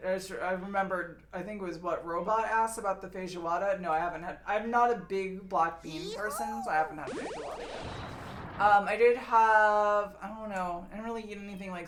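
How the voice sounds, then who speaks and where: A woman's voice: lowish voice, animated, moderate pace, hardly any pauses, a little hiss or hum. A young adult woman streamer chatting casually with her viewers, rambling and swearing freely.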